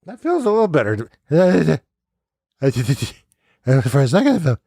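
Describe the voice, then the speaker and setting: A man hosting a comedy podcast, rambling in a self-mocking, excitable way and laughing often. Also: a little high, slow, vocal fry, slightly rough, no room sound, clean studio sound.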